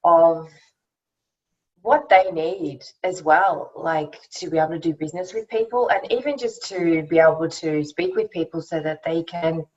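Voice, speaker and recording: A woman's voice: low voice, moderate pace, darkish tone. A woman joining an online book club discussion remotely, enthusiastic, with many fillers and restarted words. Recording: distant muffled call audio.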